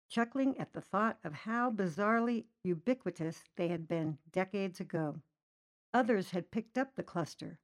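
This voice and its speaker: A woman reading a short story aloud, narrating lively and voicing the characters' lines herself. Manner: lively, voices characters with raised pitch. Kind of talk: storybook narration with acted dialogue.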